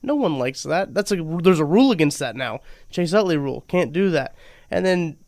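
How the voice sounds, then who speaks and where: Snarky young man with a higher voice. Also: expressive, a little fast, darkish tone, dry recording, clean studio sound. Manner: snarky and dismissive. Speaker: podcast co-host. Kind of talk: casual sports chat.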